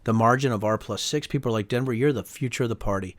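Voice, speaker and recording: A middle-aged congressman and author, appearing as an interview guest, talks fast in a mid-range voice, heated and emphatic, quoting others in voices and tagging his points with "right?". It's animated interview talk with no room sound.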